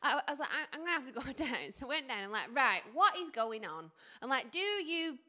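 An English woman co-hosting a podcast, telling a story in casual chat, animated and laughing, acting out what people said. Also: high-pitched, fast talker. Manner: animated, laughing, acts out quotes. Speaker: podcast co-host.

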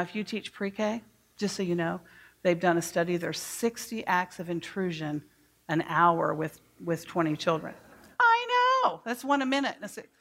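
This educator addresses a teachers' workshop in a lowish, gravelly voice. Her delivery is emphatic, and she regularly puts questions to the audience.

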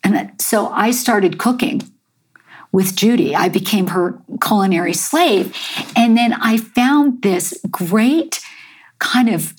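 An American woman, a chef and artist, telling her life story in an interview, halting and reflective with many fillers. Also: medium pitch, slightly rough. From United States.

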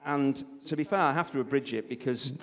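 A man's voice: mid-range voice, a little fast, big-room sound. A man co-hosting a comic live podcast, rambling and self-deprecating, often breaking into giggles as he reads aloud. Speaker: podcast co-host reading aloud.

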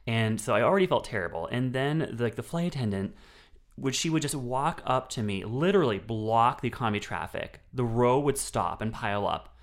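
A man co-hosting a podcast in casual chat, telling stories in an animated, playful way with mocking asides. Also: mid-range voice, normal speed. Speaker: podcast co-host.

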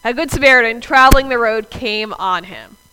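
Over a rough recording, a woman preacher from the American South talks directly to the congregation during a conversational sermon. Her voice is fairly high, sharp and clean, at a moderate pace.

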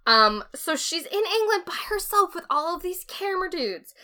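A tipsy young woman hosting a podcast and telling a story in casual chat, animated, giggly and swearing freely. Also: extremely high pitch, normal speed. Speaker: podcast host.

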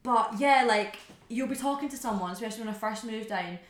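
Young Glaswegian woman, podcast guest, animated storyteller, roomy echo. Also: fairly high pitch, fast talker, a crowd in the background. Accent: Glaswegian Scottish. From Scotland. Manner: animated, acts out quoted voices. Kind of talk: casual group chat.

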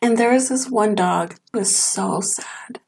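Young woman yapping on a podcast, lots of um and like, pretty average pitch. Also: a little slow, vocal fry, a little mellow, slight background noise. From another country. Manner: chatty, storytelling, lots of fillers. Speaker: podcast co-host. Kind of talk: casual chat.

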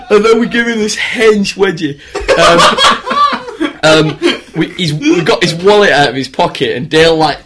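A man's voice: on the high side, big pitch swings, moderate pace, a bit bright. A young man in casual chat, rambling through sweary tour stories and laughing as he goes. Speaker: touring band musician telling stories. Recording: crowd noise behind.

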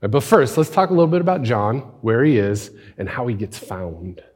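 A male pastor preaching a conversational sermon, animated and full of rhetorical questions, sometimes dropping to a hushed near-whisper for emphasis. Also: mid-range voice, normal speed, breathy edge.

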